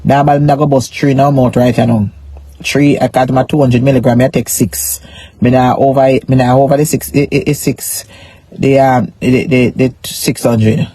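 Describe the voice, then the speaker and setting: A woman's voice: very deep voice, steady tone, normal speed, warm tone, breathy edge, dry recording. A Jamaican woman on a casual live stream, rambling in a repetitive, emphatic way about money, shame and her pain. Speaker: social media personality.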